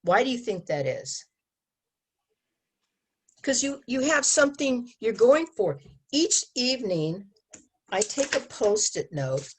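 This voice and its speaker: A woman educator giving an animated talk to an audience, acting out quoted lines and laughing often. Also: a little high, slow, pauses often, breathy edge. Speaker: abstinence educator. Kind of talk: presentation to an audience.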